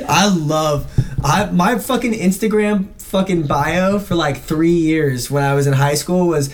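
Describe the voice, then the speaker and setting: A man's voice: fairly high pitch, a little slow, a little hiss or hum. A young man hosting a casual podcast chat, rambling, profane and often laughing. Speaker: podcast host.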